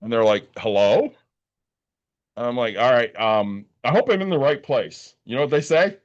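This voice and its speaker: Dull audio captures a medium-pitched man talking a little fast. He's a podcast co-host who, short on sleep and clearly tired, tells a long, profane story in casual chat, animatedly performing everyone else's lines.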